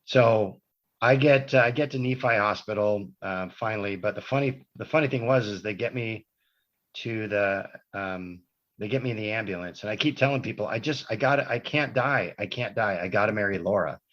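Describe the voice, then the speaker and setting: A male podcast guest, fairly low-pitched and a bit bright, speaks at normal speed while telling a lengthy personal story. The conversation is casual and rambling, with him wandering and fixing his own words. Sound quality is dull lo-fi podcast audio.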